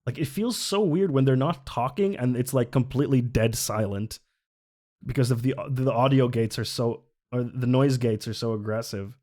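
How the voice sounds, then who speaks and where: A man's voice: medium pitch, moderate pace, a little mellow. A man streaming live, reacting to a video with incredulous, laughing commentary. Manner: incredulous, laughing between remarks.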